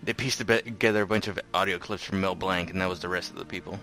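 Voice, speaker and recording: A man's voice: low voice, fairly even intonation, quick pace, pushed and bright, soft background music. A man in a casual chat who jokes, laughs often and tells stories.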